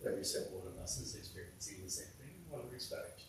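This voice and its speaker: Low-voiced man in a very echoey hall. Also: very fast. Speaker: meditation group member. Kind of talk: group discussion comment. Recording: very echoey room from far off, faint noise.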